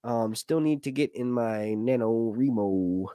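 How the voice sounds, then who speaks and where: A man's voice: mid-range voice, unhurried, mellow, no room sound, clean studio sound. A man hosting a casual livestream chat, rambling with lots of fillers and jokes. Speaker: host.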